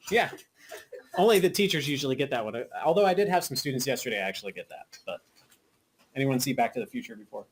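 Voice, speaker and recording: A woman's voice: on the low side, a little hiss or hum. A woman teacher giving patient, coaxing instructions to a class of children in a school classroom. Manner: patient, coaxing, frequent okay checks.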